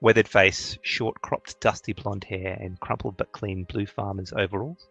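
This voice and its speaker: A man narrating as game master of a tabletop game, halting with many fillers and restarts. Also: fairly low pitch, steady tone, gravelly, fairly bright tone, breathy edge, dry recording, faint music behind.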